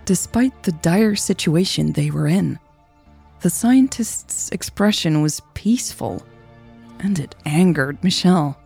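A woman narrating a story in a slow, measured way. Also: lowish voice, lively intonation, creaky, darkish tone, breathy edge, soft background music. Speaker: podcast storyteller.

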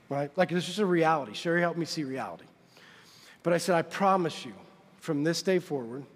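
A man preaching a sermon, telling a personal story and acting out the quotes with big jumps in his voice. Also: in a large hall. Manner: animated, acts out quotes with big pitch jumps. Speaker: pastor.

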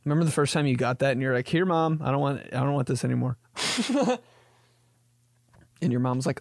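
A man's voice: medium pitch, expressive, brisk, creaky, pauses often. A young man hosting a podcast, riffing in a jokey comedic monologue and slipping into silly voices. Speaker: podcast host.

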